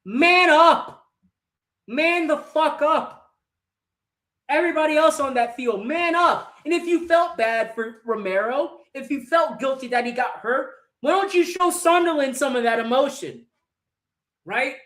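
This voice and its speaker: A man hosts a football fan livestream, unleashing a furious, profane match reaction full of rhetorical questions. His very high voice is a bit bright and moves at normal speed, and the sound has a roomy echo.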